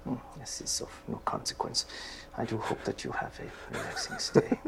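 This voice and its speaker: An actor playing a fussy, overly formal hotel manager who talks in a stiff, insinuating way. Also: male voice, mid-range voice, huge pitch swings, moderate pace. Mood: prim. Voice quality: gravelly.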